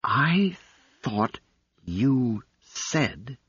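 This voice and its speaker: A man voicing a young female uplifted chimp who is fiery and frightened, with a sharp, pleading delivery. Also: mid-range voice, lively intonation, fairly quick, breathy edge, no room sound, voice pushed up. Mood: forced calm. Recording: slightly dull recording.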